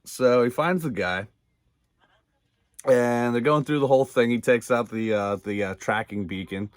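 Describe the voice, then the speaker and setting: A man's voice: mid-range voice, measured pace, no echo. A man casually recapping a TV episode, rambling with many fillers, cursing freely and laughing along. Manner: rambling, profane, filler-heavy, laughs often. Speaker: video reviewer.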